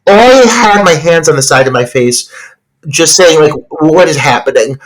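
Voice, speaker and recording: A man co-hosting a casual film podcast, his voice sitting fairly high and swinging widely in pitch. He recaps scenes with excited emphasis. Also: a little slow, rough recording. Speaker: podcast co-host.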